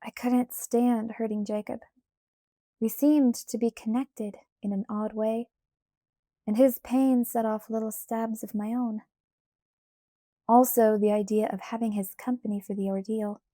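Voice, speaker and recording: A woman's voice: on the high side, steady tone, a little slow, mellow, no room sound, studio quality. Woman narrating an audiobook. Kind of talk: scripted first-person narration.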